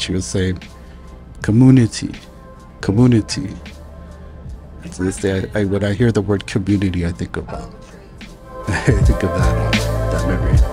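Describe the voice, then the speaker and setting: A man vlogging, telling a relaxed story with many fillers and restarts. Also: on the low side. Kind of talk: casual storytelling narration.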